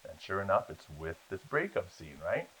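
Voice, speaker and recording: A man telling lively stories about his acting career in a casual interview, acting out the people in them. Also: sits low, normal speed, a little hiss or hum. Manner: animated storyteller, acts out voices in his anecdotes. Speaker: guest, actor. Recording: dull lo-fi sound.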